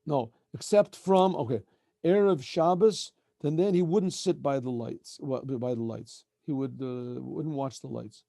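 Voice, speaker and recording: A middle-aged man, a rabbi teaching a casual daily lesson, who often clears his throat and corrects himself as he goes. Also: medium pitch, unhurried, dark tone, no echo, studio quality. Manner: frequent throat-clearing, self-correcting and meandering.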